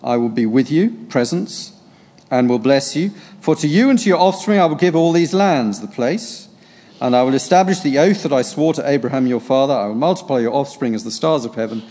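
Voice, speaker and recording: A man's voice: medium pitch, expressive, mellow. A man reading a Bible passage aloud and musing on it as he prepares a sermon, stopping to think between verses with hesitant fillers. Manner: reads scripture aloud, then muses on it with pauses and fillers. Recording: long hall reverb.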